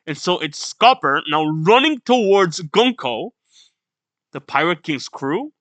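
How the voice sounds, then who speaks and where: A man reading a comic aloud and reacting bluntly, swearing now and then. His speech is unhurried, and his pitch is lively with wide swings. The sound is bright and dry. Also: no room sound. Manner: reads panels aloud, blunt, swears, laughs at the story. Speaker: manga reaction host. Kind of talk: casual read-along reaction.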